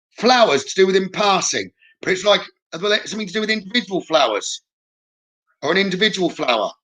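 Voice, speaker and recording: A man's voice: sits high, sharp tone, poor audio. A man working as a psychic medium, giving a live reading in a reassuring tone and often checking in with "okay?".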